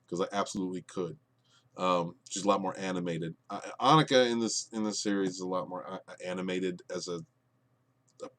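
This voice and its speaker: A man giving an exasperated review of a TV show, with lots of fillers and restarts, dropping to low mutters and then bursting out loud. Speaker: podcast reviewer. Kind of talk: ranting review commentary.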